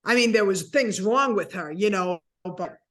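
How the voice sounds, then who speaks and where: A woman in her sixties, a guest telling a personal story with animated, acted-out dialogue. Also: mid-range voice, moderate pace. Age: 60s. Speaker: interview guest.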